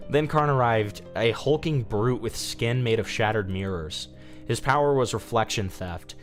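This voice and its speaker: A man's voice: medium pitch, normal speed, soft background music. A male streamer reading a fan story aloud casually, with asides and restarts.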